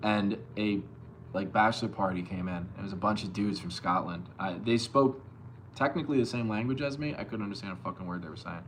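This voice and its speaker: A young man from Long Island streaming live as a bass player, loosely reading chat and answering with plenty of swearing. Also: brisk, a little hiss or hum. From Long Island, New York. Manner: loose and profane, reads chat aloud and answers.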